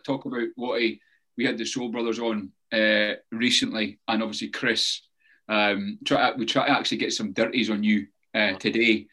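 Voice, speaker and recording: A man's voice: fairly low pitch, flat delivery, normal speed, bright, forceful tone. A man, co-hosting a casual interview in a rambling, hesitant way. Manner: rambling, hesitant with many ums. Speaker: podcast co-host.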